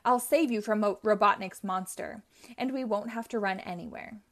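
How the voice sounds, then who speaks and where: A woman's voice: medium pitch, normal speed, lightly acted. A woman reading aloud and voicing a cocky young male hedgehog hero who talks in a confident, bold way.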